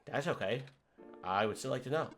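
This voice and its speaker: A man voicing a lost young child hero in a soft, questioning way. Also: mid-range voice, animated, fairly quick, soft background music, pitched above the performer's own voice, close to an everyday voice.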